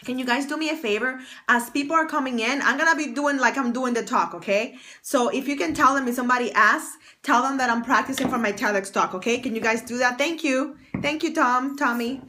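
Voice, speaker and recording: A woman's voice: high voice, fairly quick, hardly any pauses, bright, forceful tone. A woman hosting a casual livestream as a fashion stylist and confidence coach, chatty and bubbly, thanking viewers by name. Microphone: external mic on phone stream.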